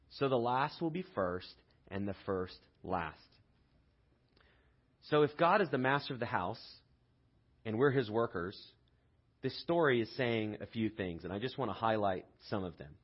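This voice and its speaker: A man gives a sermon in an easy, conversational way, asking his listeners to picture the scene. His voice is somewhat husky. The recording sounds dull and lo-fi. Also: on the low side, lively intonation, measured pace, pauses often. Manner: conversational storytelling, rhetorical questions. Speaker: pastor.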